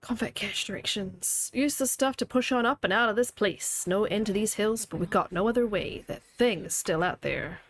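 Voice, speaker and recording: A woman's voice: mid-range voice, normal speed, hardly any pauses. A New Zealand woman in her thirties, her accent carrying a faint Scottish edge, talks her way through a game stream from home. She is chatty and loose, laughing often and answering her chat as she plays. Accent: New Zealand with a slight Scottish tinge. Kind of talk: casual gaming commentary. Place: home room.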